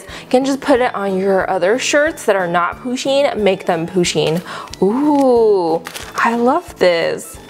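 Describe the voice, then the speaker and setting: A woman hosting an unboxing video, gushing excitedly with frequent gasps and exclamations. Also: mid-range voice, takes it slowly, soft background music. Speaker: unboxing channel host. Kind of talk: casual unboxing review.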